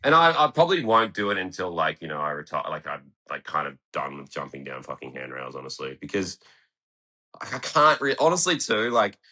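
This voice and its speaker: A young skateboarder, guesting on a casual podcast in the studio, speaks in a deep, sing-song voice that's fairly quick and sharp. He rambles through sweary stories, acting out what people said.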